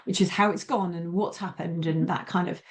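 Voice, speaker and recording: A woman with a fairly low voice talks through ideas in a coaching conversation. She is reflective and thinks aloud, often restarting mid-sentence. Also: fairly even intonation, normal speed. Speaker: coaching client.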